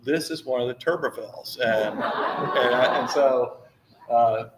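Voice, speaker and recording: In a church hall, a priest speaks informally to his congregation with slides, rambling through a chatty travel story loaded with fillers. His medium-pitched voice is unhurried. Background noise is heavy, in an echoey room with faint ambience.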